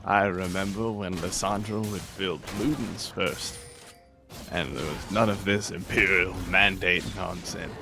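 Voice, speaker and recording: Gravelly old British grump, low and a little shaky, put on by a male caster. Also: fairly even intonation, unhurried, over music. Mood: grumbling. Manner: low, dropped-down voice.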